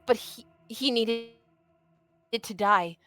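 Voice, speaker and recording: A woman's voice: on the high side, moderate pace, fairly bright tone, soft background music, lightly acted. A woman voicing a shaken young man who pleads and stammers, repeating himself, in tabletop role-play. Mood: hushed.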